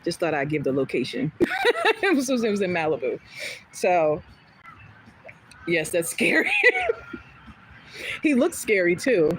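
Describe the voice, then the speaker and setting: A woman's voice: lowish voice, wildly swooping pitch, slow, long pauses, a bit bright, a little hiss or hum, low-quality recording. A woman hosting a casual livestream, talking bluntly and candidly, with occasional swearing and laughter. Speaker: livestream host.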